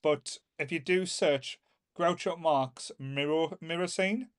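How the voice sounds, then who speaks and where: A man co-hosting a casual podcast, speaking a little higher than most men. He gushes enthusiastically and keeps restarting his sentences. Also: takes it slowly, crowd noise. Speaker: podcast co-host. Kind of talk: casual chat.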